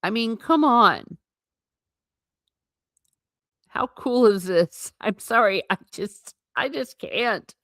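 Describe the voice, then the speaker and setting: A woman reviewing a novel, reading passages aloud and breaking in with gushing, animated asides. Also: on the high side, slow pace, dry recording, studio quality. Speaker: book reviewer.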